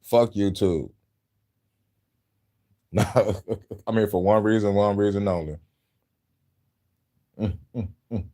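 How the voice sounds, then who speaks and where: A man's voice: fairly low pitch, slow, pauses often, warm tone. A man talking casually to his viewers, frustrated and profane, laughing often. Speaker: YouTuber.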